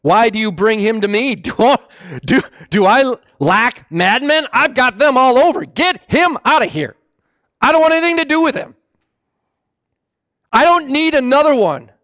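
An irritated king barking orders and scoffing as a preacher acts him out. He is dismissive and commanding, with a high, lively voice. The sound is dry and close. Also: moderate pace, no room sound, full character voice. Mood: exasperated. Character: exasperated older male king, dismissive.

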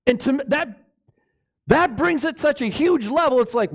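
A man's voice: very high voice, expressive, normal speed, vocal fry. A male pastor preaching a sermon in an emphatic way, often asking the congregation for an amen. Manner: emphatic, asks the congregation for amens.

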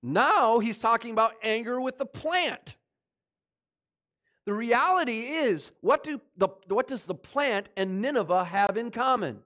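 A man's voice: high-pitched, expressive, a little slow, sharp tone. A man preaching a sermon in a conversational way, often asking the congregation questions. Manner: dramatizes voices of God and Jonah in quotes. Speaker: pastor.

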